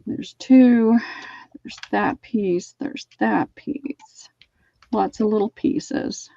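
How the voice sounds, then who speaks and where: A woman's voice: medium pitch, drawn-out words, creaky, no room sound, dull audio. A woman with a Southern US accent, hosting a live online sale and chatting as she describes fabric pieces. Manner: chatty, describes fabric items aloud while selling. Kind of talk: casual live-sale chat.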